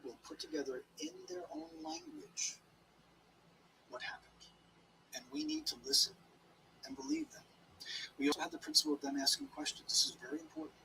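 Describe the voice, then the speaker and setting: A man working as a statement analyst, teaching in a measured, emphatic way how to read interview language. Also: extremely high pitch, very animated, creaky, sharp tone, a little hiss or hum, rough recording. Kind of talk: explanatory lecture on interview language.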